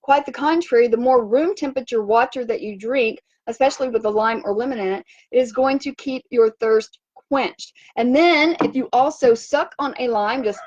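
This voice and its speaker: A woman hosting a motivational wellness livestream from her home, bubbly and animated, chanting and cheering. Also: a little high, moderate pace. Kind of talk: upbeat motivational livestream chat. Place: home in Fiji by the sea. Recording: dull lo-fi sound.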